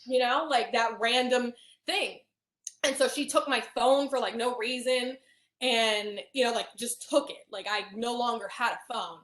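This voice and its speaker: Young woman, halting, in a roomy echo. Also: a little high, fairly bright tone. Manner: halting, many fillers and restarts. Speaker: hypnosis client. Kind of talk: emotional personal account.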